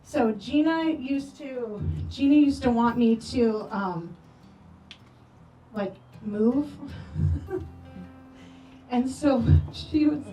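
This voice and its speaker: A woman telling affectionate, animated stories about a late friend at a memorial, acting out quoted lines. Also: sits high, drawn-out words, pauses often. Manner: animated storytelling with playful quoted voices. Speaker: memorial speaker. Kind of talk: eulogy storytelling. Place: memorial gathering hall. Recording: roomy echo, distant from mic, soft music.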